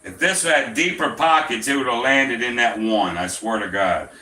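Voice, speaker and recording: A man hosting a gambling show explains roulette betting bluntly, profanely, and chattily, in casual instructional talk. His voice is medium-pitched and sharp at a moderate pace, recorded roomy on a distant mic with faint ambience.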